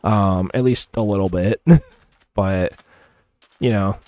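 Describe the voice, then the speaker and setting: A man's voice: fairly low pitch, takes it slowly, darkish tone, dry recording. Rambling man chatting while gaming. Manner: rambling, many fillers, chuckles often; chats with viewers while playing. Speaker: live streamer. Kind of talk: casual gameplay commentary.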